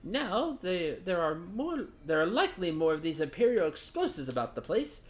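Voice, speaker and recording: A man reads aloud as a measured, dry-witted male adventurer in a game. He lifts his voice a little above his usual pitch and keeps the delivery lively.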